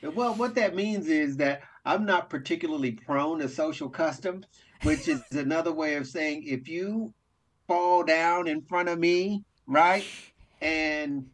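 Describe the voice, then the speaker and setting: A man's voice: a little high, a little slow. A man co-hosting a casual talk show as a coach, easygoing and chuckling as he acts out little scenes. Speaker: coach and co-host. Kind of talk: casual chat.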